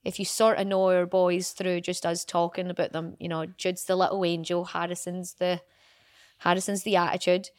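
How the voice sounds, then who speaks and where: A woman's voice: fairly low pitch, flat delivery, moderate pace, no echo. Female podcast co-host, candid, swears freely, dry studio sound. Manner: candid, swears, laughs often. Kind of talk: casual chat.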